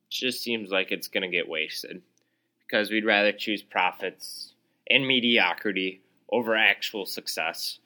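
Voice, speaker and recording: Bright-toned young man ranting sarcastically. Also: lowish voice. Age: young adult. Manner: exasperated, sarcastic ranting with many fillers. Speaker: podcast host. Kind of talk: solo ranting podcast.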